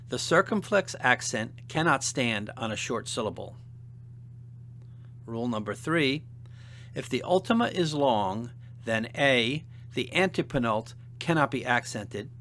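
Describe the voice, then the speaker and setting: Measured male seminary lecturer. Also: medium pitch, a bit bright, a little hiss or hum. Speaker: seminary instructor. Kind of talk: scripted lecture narration.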